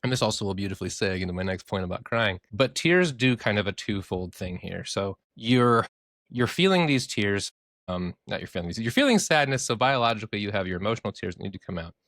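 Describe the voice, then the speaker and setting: A man's voice: lowish voice, expressive, fast talker, a bit bright, no echo, studio quality. A man co-hosting a podcast, explaining things in a rambling, jokey way with some swearing. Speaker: podcast co-host. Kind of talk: casual chat, explaining.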